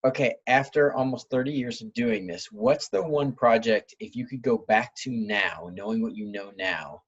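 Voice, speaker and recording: Male host, husky voice, conversational interviewer, dull lo-fi recording. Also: mid-range voice, lively intonation, normal speed. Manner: short supportive reactions and questions.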